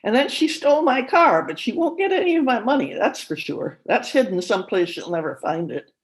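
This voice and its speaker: A woman voicing a stubborn, suspicious elderly man with dementia as she reads a story aloud, speaking louder and sharper than in her narration. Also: on the high side, big pitch swings, brisk, voice pushed up. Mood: accusing. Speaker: story character read aloud. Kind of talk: reading fiction aloud at a conference.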